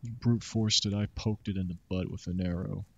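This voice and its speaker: A man's voice: low-pitched, fairly even intonation, a little fast, breathy edge, highs cut off. A man chatting casually while playing a survival game with friends, joking around. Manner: joking, easygoing banter. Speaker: gamer. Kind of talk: casual gaming chat.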